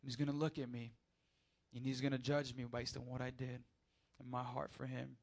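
A young man preaching a casual, lively sermon in church, talking directly to the crowd and swinging between quiet asides and loud peaks. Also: medium pitch, moderate pace, creaky. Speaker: pastor.

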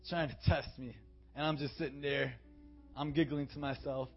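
A young man preaching as a youth pastor, calling for amens and swinging from quiet, intimate talk to shouted declarations. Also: mid-range voice, fairly even intonation, normal speed. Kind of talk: sermon. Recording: dull, muffled sound with faint music.

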